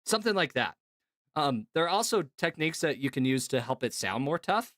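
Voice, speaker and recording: A man's voice: a little high, sing-song, fairly quick, fairly bright tone, no echo. Easygoing man chatting on a stream. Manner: rambling, easygoing, talks to chat. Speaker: streamer and voice actor. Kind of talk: casual live-stream chat.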